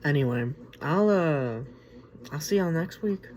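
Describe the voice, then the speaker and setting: A man with a somewhat high voice reviews a film in a loose, unscripted way. He wanders between points, restarts often and fills gaps with casual fillers. A faint hiss of noise sits under the recording. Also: expressive, a little slow, darkish tone. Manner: rambling and informal, with many restarts, "like" and "you know". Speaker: movie reviewer, host of the show. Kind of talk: casual spoken movie review.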